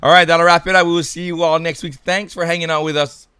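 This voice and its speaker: A man from Hawaii, co-hosting a podcast and telling stories in an animated, laughing way, full of slang like dude and bro. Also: fairly high pitch, fast, smooth, no room sound, studio quality. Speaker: podcast co-host. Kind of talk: casual storytelling chat.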